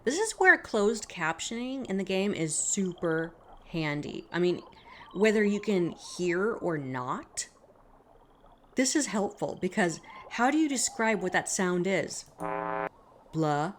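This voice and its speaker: A woman's voice: medium pitch, very animated, measured pace, fairly bright tone, a little hiss or hum. A woman casually commenting while she plays a mystery game, chatty and self-mocking, often breaking into giggles. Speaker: game streamer. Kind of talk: casual let's-play commentary.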